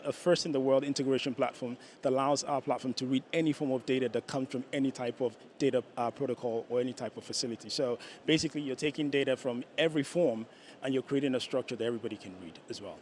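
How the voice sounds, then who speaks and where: A startup founder explaining his product to a panel in a quick, explanatory way. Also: medium pitch, darkish tone, slight background noise. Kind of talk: panel answer.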